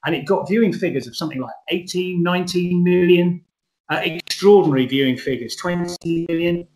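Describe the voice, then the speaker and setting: A man's voice: high voice, a little fast. A middle-aged man, an actor, talking through his ideas in an earnest, rambling way during an interview. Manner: earnest, rambling, lively emphasis. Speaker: guest actor. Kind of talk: conversational interview. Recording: roomy echo.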